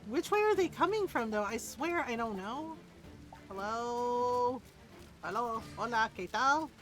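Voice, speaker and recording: A woman's voice: fairly high pitch, animated, a little slow, fairly bright tone, soft background music. A woman streaming a video game, chatting casually, joking, laughing often and mimicking characters as she plays. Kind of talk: casual gameplay commentary.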